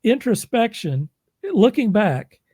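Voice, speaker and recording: A man's voice: high voice, sing-song, slow, warm tone, slightly rough, no echo, clean studio sound. A man who narrates audiobooks, chatting casually as host, laughing often and restarting his sentences. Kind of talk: casual chat.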